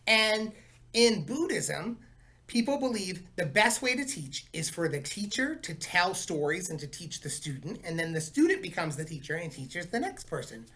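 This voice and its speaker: A male teacher chatting to his class and reading a picture book aloud, animated and chatty. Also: high voice.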